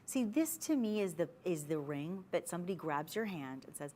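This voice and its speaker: A woman's voice: lowish voice, animated, moderate pace, a little mellow, slight background noise. A woman hosting a live TV shopping show, selling jewelry in a chatty, persuasive way and talking straight to viewers. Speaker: shopping channel host. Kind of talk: live TV jewelry sales pitch. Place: TV studio.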